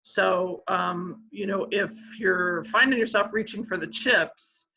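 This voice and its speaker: Bright-voiced woman on a dull call line. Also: mid-range voice, takes it slowly, creaky. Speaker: panelist. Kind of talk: online community discussion.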